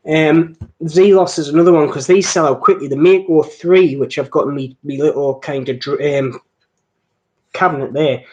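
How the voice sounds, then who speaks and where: A man's voice: a little high, a little mellow, low-quality recording. Chatty man with a stuffy nose. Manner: rambling, chatty, self-correcting, joking with viewers. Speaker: live stream host. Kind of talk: casual live stream chat.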